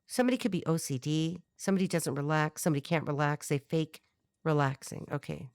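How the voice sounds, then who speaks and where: A middle-aged woman with a low voice gives a tarot reading, talking bluntly and thinking aloud with lots of restarts. She is recorded close and dry, with little room sound. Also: quick pace, darkish tone, no echo. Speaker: tarot reader. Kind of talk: channeled tarot reading to camera.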